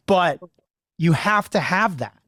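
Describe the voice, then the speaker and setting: A man hosting a podcast who coaches high school lacrosse, telling stories in an animated, earnest way. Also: slow, no room sound, studio quality. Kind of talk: casual podcast storytelling.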